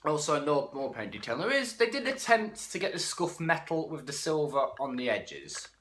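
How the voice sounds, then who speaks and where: Lively, bright-voiced man reviewing toys. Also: a little high, normal speed. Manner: chatty, self-correcting, frank. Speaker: toy reviewer. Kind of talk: casual rambling review. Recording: echoey room.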